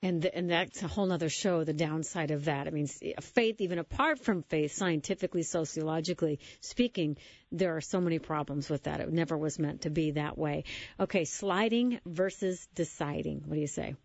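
A woman hosts an interview with a notably low voice, responsive and direct as she puts questions to her guest. The sound is dry and somewhat dull, lacking brightness. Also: brisk, no room sound. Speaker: radio show host. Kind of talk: interview hosting.

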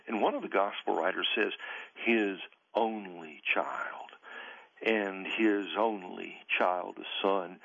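A male pastor and author, a guest on a radio show, speaking earnestly with emphatic, drawn-out stresses. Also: lowish voice, gravelly, fairly bright tone, dull audio. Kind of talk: radio interview, preaching tone.

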